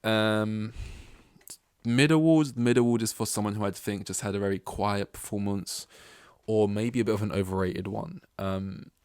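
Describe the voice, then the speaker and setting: A young man hosting a podcast alone, talking excitedly in casual commentary, swearing freely and acting out what others said. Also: on the low side, moderate pace, clear, resonant tone, no echo, studio quality. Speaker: podcast host.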